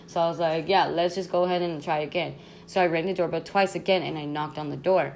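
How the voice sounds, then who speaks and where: A young woman hosting a podcast, telling a story in a casual, animated, slangy way, full of "like" and swearing. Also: low-pitched, quick pace, creaky, a little hiss or hum. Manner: animated, slangy, constant "like", swearing, laughs often. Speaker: podcast host.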